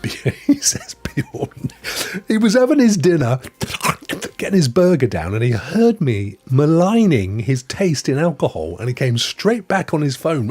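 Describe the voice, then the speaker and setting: A man's voice: medium pitch, sing-song, moderate pace, mellow. A chatty man hosting a live stream, joking and answering viewers' chat messages by name.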